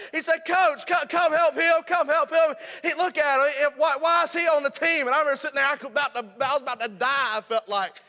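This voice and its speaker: A young man preaching a sermon in a church, loud and fervent, stretching words for emphasis and stumbling over restarts. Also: very high-pitched. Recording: long hall reverb.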